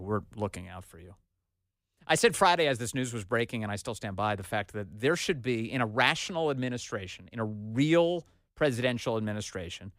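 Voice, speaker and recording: A man's voice: fairly low pitch, a bit bright, no echo, clean studio sound. Emphatic sarcastic male radio host. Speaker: radio talk show host. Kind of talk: opinionated talk radio monologue.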